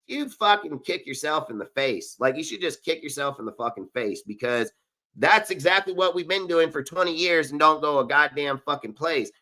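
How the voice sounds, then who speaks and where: A man's voice: fairly high pitch, animated, normal speed, bright, forceful tone. A man hosting a live sports show, ranting heatedly and profanely about his team's draft choices. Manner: profane, fired-up, argumentative. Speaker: podcast host. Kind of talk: heated sports talk rant.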